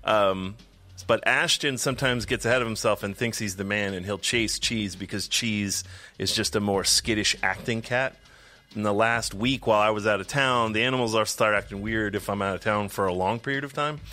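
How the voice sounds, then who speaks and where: A middle-aged man, a podcast co-host, chatting casually and telling animated stories, acting out his pets' voices. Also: lowish voice, normal speed. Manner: animated storyteller who acts out pets' voices. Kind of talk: casual chat.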